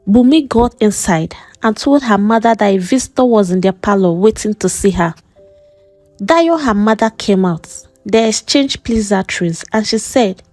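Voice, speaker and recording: A woman narrating a folktale in an animated, expressive way. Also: mid-range voice, normal speed, no room sound, faint music behind. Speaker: storyteller. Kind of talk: scripted story narration.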